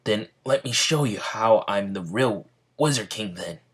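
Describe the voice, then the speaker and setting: A man's voice: lowish voice, expressive, a little slow, breathy edge. A man voicing a cold, contemptuous male wizard ruler who taunts. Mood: taunting.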